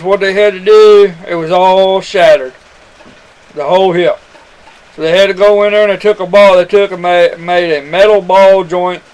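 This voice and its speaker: A man's voice: sits high, clear, resonant tone, low-quality recording. A man telling a personal testimony to his webcam, rambling and earnest, calling the listener son. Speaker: webcam storyteller.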